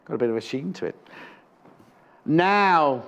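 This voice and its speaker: A man sells fabric on a live TV shopping broadcast, his voice a little high for a man and fairly bright in tone. He keeps a measured pace with lively intonation, joking and teasing as he talks up prices.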